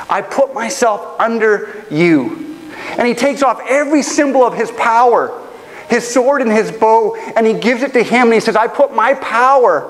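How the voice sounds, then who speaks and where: A man's voice: extremely high pitch, moderate pace. A man preaching a sermon as pastor, telling stories in an earnest, emotional way. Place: church auditorium. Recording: long church hall reverb, faint ambience.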